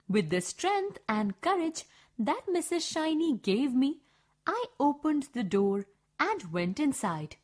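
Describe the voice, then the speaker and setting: A woman narrating a first-person children's story in an expressive, measured way. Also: high voice.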